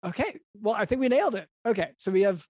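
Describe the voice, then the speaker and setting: Improviser as party planner, halting delivery, mid pitch, dry recording. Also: animated, darkish tone, no room sound. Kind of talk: improvised comedy brainstorming.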